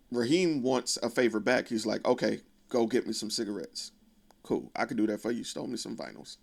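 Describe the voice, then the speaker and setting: A man with a gravelly edge to his voice walks through a film's plot in a relaxed, conversational way. He gets animated when he quotes characters, pitching his voice up for their lines. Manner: animated retelling, quoting characters with raised pitch. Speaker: video essayist. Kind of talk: casual film recap commentary.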